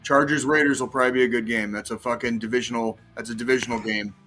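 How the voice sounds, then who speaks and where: A man's voice: mid-range voice, fairly even intonation, fast, bright, forceful tone, soft background music. A man co-hosting a podcast, brash and profane, trash-talking in casual chat. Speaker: podcast co-host.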